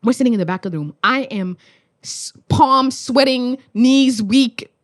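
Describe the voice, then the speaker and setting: A young woman from Australia, a spoken word poet, telling stories in a casual conversation, animated and swearing freely. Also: on the high side, a little slow, no room sound, studio quality. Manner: animated, swears freely, acts out voices in anecdotes.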